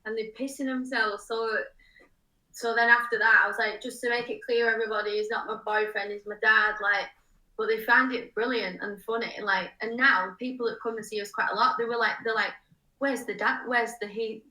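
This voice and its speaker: A woman's voice: a little high, steady tone, fairly quick, pushed and bright. A young woman, a musician guest, chatting casually, packing in fillers and giggling often. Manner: chatty, says "like" constantly, giggly. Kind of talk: casual chat. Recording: a little distant from the mic.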